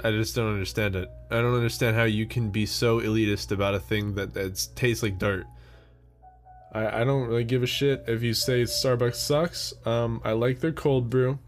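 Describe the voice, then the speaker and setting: A young man hosting a solo podcast, rambling casually, laughing at his own jokes and swearing freely. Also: mid-range voice. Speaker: podcast host.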